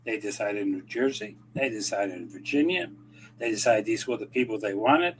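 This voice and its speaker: A man giving rambling, animated political commentary in casual chat, acting out quoted conversations as he goes. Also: fairly low pitch, moderate pace, slight background noise, rough recording. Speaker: regular commentator.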